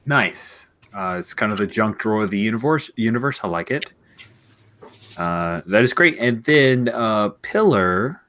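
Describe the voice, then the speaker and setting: A man running a tabletop role-playing game, explaining the setting in an animated way and sometimes dropping to a hushed whisper. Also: on the low side, measured pace. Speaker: game master.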